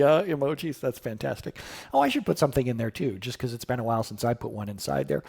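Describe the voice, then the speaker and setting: A man's voice: mid-range voice, big pitch swings, fast, gravelly, a little mellow, breathy edge. A middle-aged man live coding on a stream, thinking aloud casually with sudden surprised exclamations and answering chat questions.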